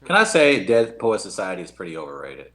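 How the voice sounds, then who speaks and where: A man's voice: deep voice, huge pitch swings, a little fast, a bit bright. A man on a casual podcast who gives his opinion hesitantly and repeats words before getting it out. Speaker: podcast panelist.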